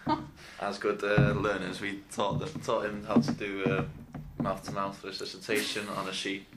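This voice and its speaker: A man's voice: deep voice, vocal fry, very noisy. A man teacher telling a humorous anecdote in an interview, chuckling as he goes.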